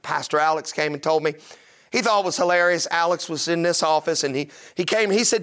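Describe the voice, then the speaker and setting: A male pastor with a slightly high, brisk voice preaches a sermon, telling stories as his energy climbs. He's animated and builds to loud, emphatic preaching.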